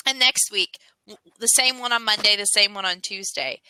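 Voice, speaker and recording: A woman's voice: mid-range voice, moderate pace, bright, forceful tone, clear, resonant tone, poor audio. An American woman tutoring English on a video call, chatty and laughing often as she gives suggestions. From United States. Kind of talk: casual conversation lesson.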